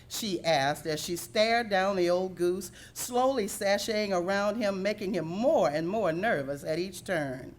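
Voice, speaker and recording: A woman reading a children's storybook aloud in an expressive, measured way. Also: mid-range voice. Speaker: reader.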